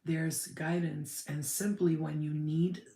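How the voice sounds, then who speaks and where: A woman's voice: low-pitched, flat delivery, slow, creaky, warm tone, reverberant. A woman giving a casual channeled spirit reading, rambling and blunt, swearing freely.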